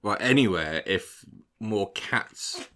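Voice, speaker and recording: A man's voice: on the low side, expressive, takes it slowly, pushed and bright. A man co-hosting a podcast, chiming in with short quips and questions in casual chat. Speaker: podcast co-host.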